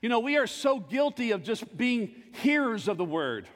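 A male pastor preaching a fervent sermon with call-and-response, surging into shouts. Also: very high-pitched, very animated, moderate pace. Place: church sanctuary. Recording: long reverb of a church sanctuary.

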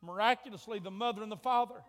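A male preacher telling a story in a revival sermon, dramatic, swinging from hushed tones to shouts. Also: sits high, quick pace. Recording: long hall reverb, faint music.

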